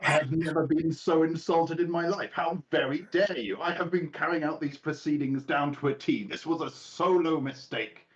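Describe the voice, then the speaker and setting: A man's voice: fairly low pitch, measured pace, muffled recording, close to an everyday voice. A man doing a fussy flustered head servant. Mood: indignant. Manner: anxious over-apologetic stammer turning indignant.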